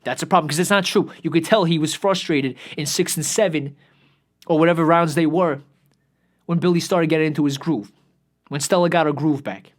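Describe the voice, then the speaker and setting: A man's voice: fairly high pitch, fairly even intonation, fairly quick. A young man hosting his own show, ranting in a profane, exasperated way that sags at times into weary muttering. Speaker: podcast host. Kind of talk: ranting commentary.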